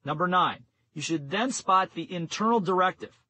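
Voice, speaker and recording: A man narrating a nonfiction audiobook in a steady, instructive reading voice. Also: sits high, normal speed, low-quality recording. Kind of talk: scripted narration.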